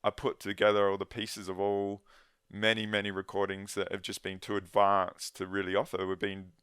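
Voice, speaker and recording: A man with a very low, flat voice talks as a guest in a conversation, earnest and halting, often breaking off to start again. His tone is smooth and clear, and the sound is dry and close. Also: no room sound. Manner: earnest, halting, with many restarts. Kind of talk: casual conversation.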